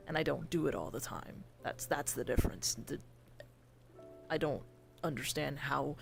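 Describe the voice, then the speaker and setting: A man's voice: fairly high pitch, creaky. A man playing an irritable young man who swears often and sighs, trying to speak formally while a drawl slips in. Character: grey-haired young man, irritable and touchy. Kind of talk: voice role-play in a virtual world.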